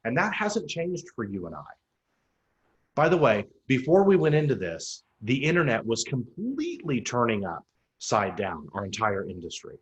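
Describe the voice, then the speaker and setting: A man in his forties, a real estate coach, giving a motivational talk to agents. He speaks in punchy, emphatic lines, repeats key points for effect, and jumps high and loud when he quotes people.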